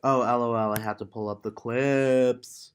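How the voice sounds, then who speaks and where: Young woman, very low pitch, deadpan podcast banter. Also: moderate pace, clear, resonant tone. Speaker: podcast co-host. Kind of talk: casual chat.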